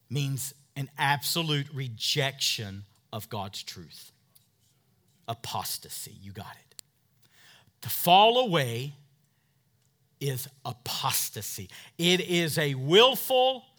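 A man's voice: medium pitch, bright, forceful tone. A middle-aged male pastor preaching an emphatic sermon, calling for amens from the congregation. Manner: emphatic preaching with call-and-response.

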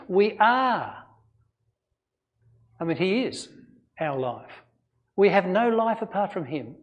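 Aussie pastor guy preaching, fairly high voice, talks to the room like a chat, lots of questions. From Australia. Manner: earnest, conversational preaching with rhetorical questions and acted quotes. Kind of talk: sermon.

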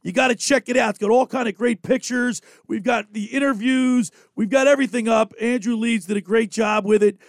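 A man hosting a heated sports talk show in a studio, emphatic and quick to raise his voice. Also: very high-pitched, steady tone, dry recording. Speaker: sports radio host.

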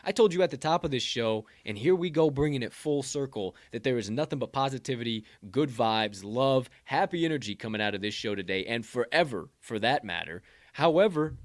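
A man's voice: brisk, no room sound. Male podcast host, profane motivational rant, dry close sound. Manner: loud, swearing, animated, drops to low intense tones.

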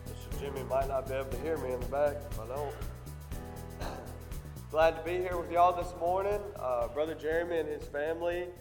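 A congested man preaching a sermon in church, halting often with fillers. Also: on the high side, faint music behind. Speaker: lay preacher. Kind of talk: sermon with prayer. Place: church sanctuary. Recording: long church reverb.

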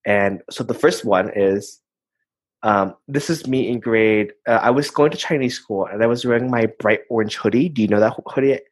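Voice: mid-range voice, moderate pace. A young adult in a casual chat, telling stories with lots of fillers and restarts. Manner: animated storyteller, many fillers.

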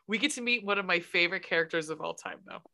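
Podcast co-host, female, bright voice, loose and chatty, swears. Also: fairly low pitch, fast talker, creaky. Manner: chatty, swears casually, laughs often. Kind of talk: casual movie recap chat.

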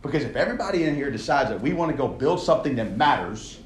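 A man's voice: mid-range voice, big pitch swings, quick pace, slight background noise. A man preaching a sermon in a church auditorium, talking conversationally and checking in with the crowd with "right?" as he builds his points with repeated phrases. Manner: conversational, tags lines with "right?". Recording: echoey room sound.

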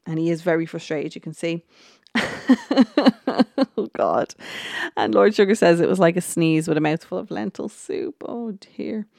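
A woman hosting a podcast, giving a casual, chatty recap of a TV episode and often filling pauses with "look" and "um". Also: lowish voice, lively intonation, gravelly, darkish tone, no echo, studio quality. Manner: chatty retelling full of "look" and "um". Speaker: podcast host.

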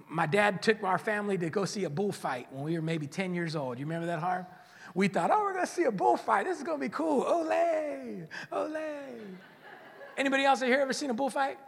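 A man preaching a sermon as pastor in a church, animated and joking, acting out the voices of churchgoers. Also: sits high, slightly rough. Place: church hall. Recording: long church reverb.

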